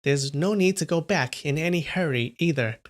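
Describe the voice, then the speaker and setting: A man voicing a warm woman in her fifties in a raised, put-on woman's voice, as he reads a story aloud. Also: a little high, moderate pace, lightly acted. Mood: calm.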